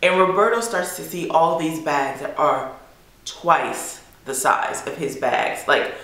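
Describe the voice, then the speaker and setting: A woman's voice: low-pitched, slow pace, fairly bright tone. A woman vlogger casually telling a story to her camera, chatty and full of "like" fillers. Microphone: camera mic. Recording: echoey room.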